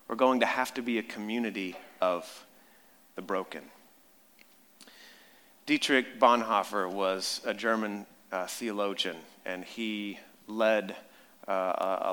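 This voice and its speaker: A man in his thirties preaching a sermon, telling stories in an animated way and rising to loud emphasis. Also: fairly high pitch. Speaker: pastor. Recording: long reverb of a large hall.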